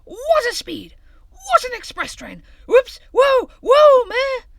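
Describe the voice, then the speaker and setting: A woman voicing an excitable, boastful male hare in a storybook reading, exclaiming in high bursts. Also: moderate pace, gravelly, husky, dry recording, clean studio sound, exaggerated voice. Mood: thrilled.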